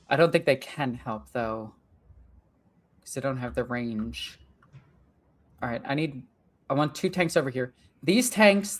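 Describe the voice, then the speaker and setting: A woman narrates her own strategy game as she plays. She thinks aloud in a casual, self-directed way, grumbling and swearing at her losses while she plans her moves. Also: extremely low pitch. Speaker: gaming channel host. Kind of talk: let's play commentary.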